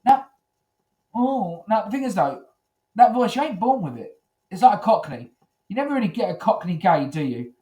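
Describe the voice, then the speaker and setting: A man's voice: sits high, sing-song, normal speed, darkish tone. A man doing a crude, rambling stand-up routine on a comedy club stage, talking into a handheld mic. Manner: crude, rambling, heavy on filler phrases. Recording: echoey club room.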